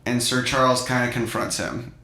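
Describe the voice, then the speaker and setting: A man's voice: mid-range voice, normal speed. A man co-hosting a podcast, chatting casually and animatedly about a film in slangy talk. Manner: animated, slangy, acts out movie lines. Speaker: podcast co-host. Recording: echoey room.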